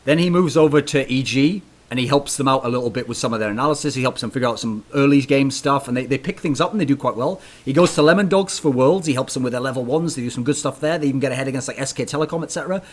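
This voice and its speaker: A man hosting an esports talk show, animated and teasing as he presses his guest. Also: mid-range voice, rapid-fire, few pauses. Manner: animated, teasing, mock-dramatic. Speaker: podcast host.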